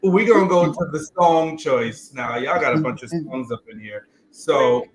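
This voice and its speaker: A man's voice: a little high, expressive, normal speed, echoey room, a crowd in the background, poor audio. A man hosting a casual panel chat, playful and laughing often. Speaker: podcast host.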